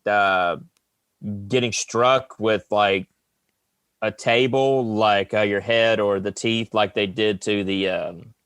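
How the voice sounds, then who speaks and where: Slow laid-back Southern man. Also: lowish voice, a bit bright, clean tone, no echo. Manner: laid-back, hesitant, reading trivia. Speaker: podcast co-host. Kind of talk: casual film podcast chat.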